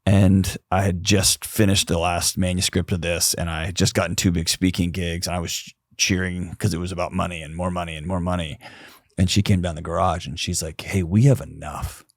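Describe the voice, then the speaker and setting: Guy w a low voice telling stories on a podcast, dry close sound, does voices for people he quotes. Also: brisk, dry recording. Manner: animated storyteller, acts out quoted voices. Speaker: podcast guest. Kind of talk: storytelling conversation.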